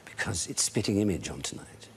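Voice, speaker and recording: A man putting on the voice of a shy, well-bred young woman, speaking low and hushed. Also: expressive, a little fast, a little hiss or hum. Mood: confiding.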